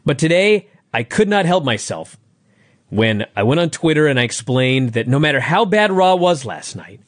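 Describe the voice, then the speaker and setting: A man's voice: medium pitch, very animated, normal speed. Ranting, profane man on a podcast. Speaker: podcast co-host. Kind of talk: casual profane wrestling review chat. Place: home, over Skype.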